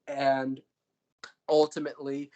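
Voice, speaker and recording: A man's voice: mid-range voice, completely flat delivery, slow pace, a little mellow, poor audio. A young man, a podcast co-host, casually recapping fantasy-booked wrestling matches, rambling and joking with lots of fillers.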